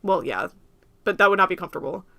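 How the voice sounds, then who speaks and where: A woman's voice: lowish voice, animated, quick pace, fairly bright tone, no echo. A young woman from the United States hosting a casual livestream, rambling and laughing often as she talks to viewers. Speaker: livestream host.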